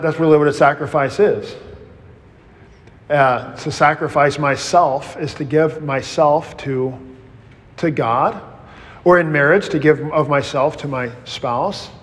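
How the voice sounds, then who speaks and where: A man, a pastor, teaching a Bible study in a conversational, animated way, often restarting his sentences. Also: a little high. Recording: long hall reverb.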